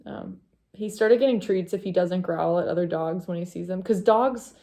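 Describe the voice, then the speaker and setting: A woman's voice: on the low side, moderate pace, mellow. A young woman hosting a knitting vlog, chatting casually to camera in a rambling way, with many fillers and asides to her dog.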